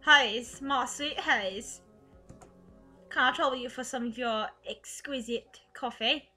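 A woman voicing a smooth, flattering older male boss from a game, in a put-on British accent. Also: on the high side, normal speed, soft background music. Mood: suave. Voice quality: flattering, theatrical delivery. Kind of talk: reading game dialogue aloud.

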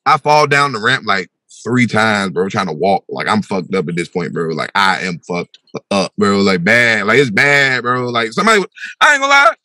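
A young man telling a wild personal story on a podcast, animated and full of slang, acting out his own voice with big swings in pitch. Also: moderate pace, dry recording. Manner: slangy, repeats "bro" and "yo".

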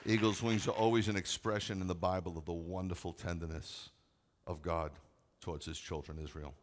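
A man preaching a sermon to a congregation, moving between quiet conversational asides and loud, emphatic scripture readings. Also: sits low, steady tone, fairly quick, a faint crowd. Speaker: rabbi preaching. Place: congregation sanctuary.

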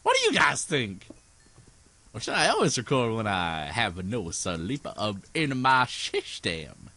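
A man's voice: medium pitch, huge pitch swings, measured pace, bright, forceful tone. Giddy sleep-deprived man gaming. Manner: giddy, rambling, prone to sudden screams and laughter. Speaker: gaming channel host. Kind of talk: casual let's play commentary.

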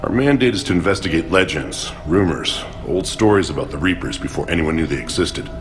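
An actor playing an older male scientist who leads a research task force, explaining in an earnest, measured way. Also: deep voice, expressive, over music. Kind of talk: video game dialogue.

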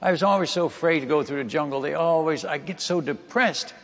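Male preacher, high-ish voice, dramatic sermon storytelling, big hall reverb. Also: brisk, a bit bright. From Netherlands. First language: Dutch. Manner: emphatic, dramatic retelling that addresses the audience as friends and folks. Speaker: missionary preacher.

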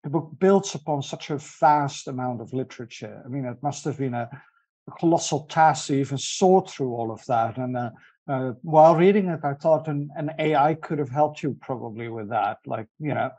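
A man's voice: mid-range voice, normal speed, a little mellow, slightly rough. A man hosting a live online discussion, interviewing an author, speaking hesitantly with many fillers. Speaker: host and interviewer.

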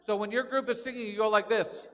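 A man's voice: sits high, steady tone, quick pace, pushed and bright. A man leading a playful children's talk in church, joking and chanting call-and-response lines. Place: large church sanctuary. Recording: long reverb of a big church.

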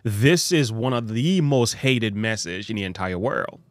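A man preaching a Bible study sermon. He prays and reads scripture aloud, stressing key words in a measured way. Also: fairly low pitch, expressive, no room sound.

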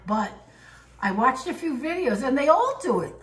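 A woman's voice: fairly high pitch, animated, measured pace, reverberant. An older woman giving a chatty, homey cooking demonstration in her kitchen, with chuckling asides. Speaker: home cook.

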